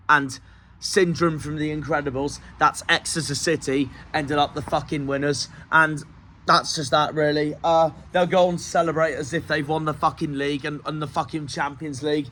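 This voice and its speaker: A man with a Cornish accent vents about a football loss in a bitter, profane rant, repeating himself as he goes. His voice is bright and cutting. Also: a little high, fairly even intonation, moderate pace, slight background noise. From Cornwall. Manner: furious, sweary, repetitive ranting. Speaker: football fan vlogger. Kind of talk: angry post-match rant.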